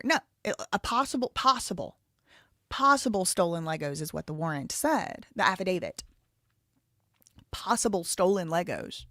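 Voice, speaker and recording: A woman's voice: on the low side, sing-song, moderate pace, fairly bright tone, no echo. Southern American woman, live-stream host, casual chatter, dry close sound. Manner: chatty, thinks aloud, reads viewer messages. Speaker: live show host reading donations.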